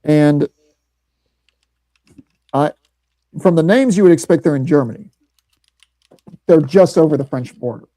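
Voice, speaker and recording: A man from Missouri rambles through an anecdote, circling back and restarting his sentences. His voice is mellow and dark, and the sound is dry and close. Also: a little high, measured pace, pauses often, no room sound, rough recording. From Missouri, USA. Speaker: podcast host. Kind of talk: casual chat.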